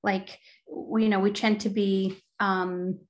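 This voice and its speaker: A woman's voice: mid-range voice, little pitch movement, slow pace, lo-fi sound. A woman in a casual conversation who talks freely and laughs between phrases.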